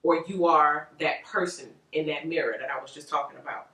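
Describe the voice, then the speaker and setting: A woman giving a casual tarot reading to viewers, animated and rambling, with frequent laughs. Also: low-pitched, a little fast, recorded from a distance. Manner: animated, chatty, loose and rambling, laughs often. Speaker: tarot reader. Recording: roomy echo, voice off-mic.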